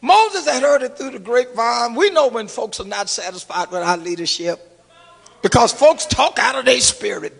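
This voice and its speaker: A middle-aged man preaching a sermon to his congregation, swinging from hushed asides to shouted exclamations and calling out to the crowd. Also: very high-pitched, expressive, moderate pace, creaky, breathy edge. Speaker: pastor. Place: church sanctuary. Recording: long reverb of a large church hall.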